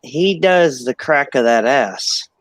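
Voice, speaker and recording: A man's voice: medium pitch, animated, takes it slowly, no room sound. A man in a late-night group chat, cracking crude teasing jokes and then deadpanning them away.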